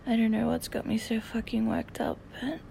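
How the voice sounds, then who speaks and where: A woman with a sleepy morning voice, whispering close to the mic with soft laughs in an intimate monologue. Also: on the high side, gravelly, slight background noise. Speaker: audio creator.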